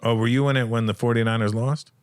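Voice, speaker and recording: A man's voice: mid-range voice, steady tone, fast, smooth, no echo, clean studio sound. A middle-aged man hosting a casual chat, who tells anecdotes and acts out the voices in them. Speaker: podcast host and comedian.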